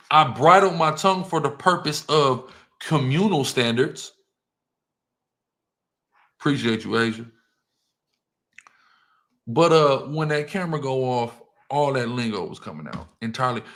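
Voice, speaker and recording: A man with a gravelly, rough-edged voice talks in a defiant, slangy way. He speaks casually and loosely, as if to a camera. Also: medium pitch, a bit bright. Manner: defiant, slangy street talk. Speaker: online religious content creator in a played clip. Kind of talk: casual video monologue.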